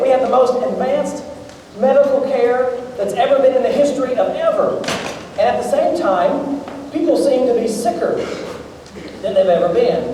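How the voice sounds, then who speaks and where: A man's voice: very high voice, a little mellow, a little hiss or hum. A man, preaching a sermon as pastor. He jokes and talks directly to the crowd. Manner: joking storyteller, talks to the crowd. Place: large church auditorium. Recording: echoey hall recorded from far off.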